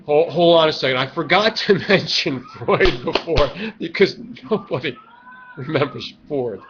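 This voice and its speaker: Erratic ranting man, lo-fi audio. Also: fairly high pitch. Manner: erratic, swings from mumbling to shouting. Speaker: vlogger. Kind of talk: rambling monologue rant. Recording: dull lo-fi webcam audio.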